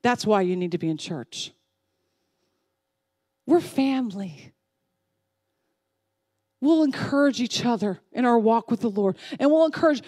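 A woman pastor preaching a sermon, emphatic and repetitive, swinging from loud declarations to soft, slow lines. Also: a little high, lively intonation. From Texas family, Southern upbringing.

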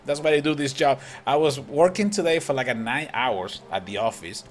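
A young man with a Chilean Spanish accent, a tired but excitable gaming streamer who laughs often and repeats himself while commenting on matches. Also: mid-range voice, normal speed. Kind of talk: live-stream game commentary. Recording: clear background music. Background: music.

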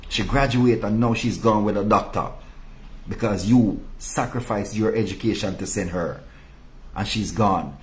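A man preaches a devotional sermon in a fairly low-pitched voice. He rebukes his listeners with passion, then sinks into quiet, weighty phrases for emphasis. His delivery is earnest and direct. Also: a little slow. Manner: impassioned, rebuking, drops low and soft for emphasis. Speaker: pastor.

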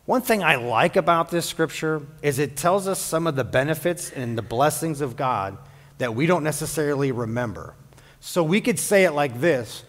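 A male pastor preaching a sermon in a church, animated and jokey with playful asides. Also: a little high, moderate pace, in a large hall. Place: church sanctuary.

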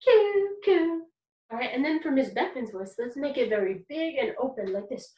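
A woman's voice: fairly high pitch, lively intonation, brisk, darkish tone, lo-fi sound. A woman teaching a kindergarten music lesson online, talking to small children in a cheerful, encouraging way and keeping her words simple.

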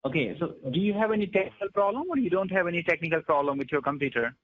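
A man's voice: high voice, animated, fast talker, slight background noise. A man answering as a call agent, working through scripted questions. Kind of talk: phone call. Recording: muffled phone line.

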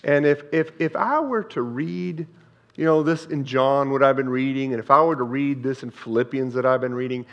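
A man's voice: mid-range voice, moderate pace. Earnest man preaching a sermon, slightly dull recording. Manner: earnest, repetitive preaching with swings in loudness. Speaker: pastor. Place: church sanctuary.

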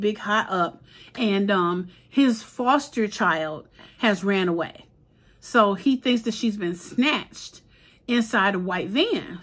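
A woman recapping a crime drama episode in a chatty, animated way, slipping into the characters' quotes with casual slang. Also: mid-range voice. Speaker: TV episode reviewer.

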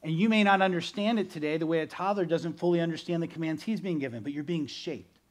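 A man preaching a sermon as pastor, animated, swinging between loud bursts and quiet, earnest stretches. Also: on the high side, fast talker.

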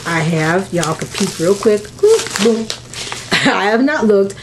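A woman's voice: mid-range voice, expressive, slow pace, a little hiss or hum. A woman, opening mail on a crafting vlog, gushing and emotional, close to tears. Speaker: crafting vlogger.

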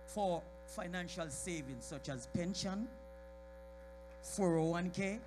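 Soft background music plays as a man preaches at a measured pace in a church sanctuary. He names people in the congregation, and his delivery rises from quiet talk to shouts.

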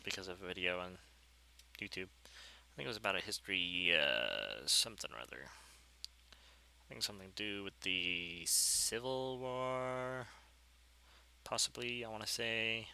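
A man chatting casually over his gameplay, rambling and easily excited. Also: on the low side, unhurried, vocal fry, pauses often, clear, resonant tone, rough recording. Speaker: gameplay video creator.

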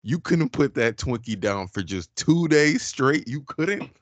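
A man's voice: medium pitch, animated, a little slow, no room sound. A man co-hosting a podcast, chatting casually and jokingly, with lots of slang. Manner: laid-back and joking, with slang like "man", "bro" and "yous". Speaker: podcast co-host. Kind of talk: casual chat.

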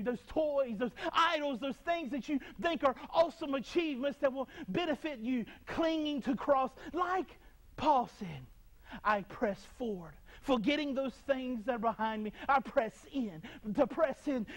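Man, preacher, very high voice, fervent sermon, repeats phrases, frequent restarts.

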